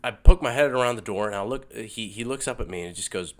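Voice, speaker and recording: A man's voice: on the low side, fast talker. A man in his thirties hosting a casual book review monologue, with wry joking asides. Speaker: book review show host. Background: loud music.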